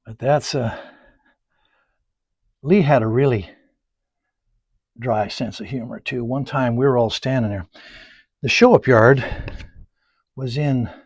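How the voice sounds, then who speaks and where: A man teaching oil painting, rambling through folksy anecdotes and muttering softly to himself while he paints. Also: mid-range voice, husky, no echo. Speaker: painting instructor. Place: painting studio.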